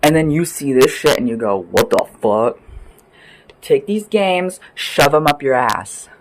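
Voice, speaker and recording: A man ranting off the cuff as a vlogger, angry and sweary, rambling between loud outbursts and low mutters. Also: expressive, moderate pace, slight background noise, rough recording. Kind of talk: profane off-the-cuff rant.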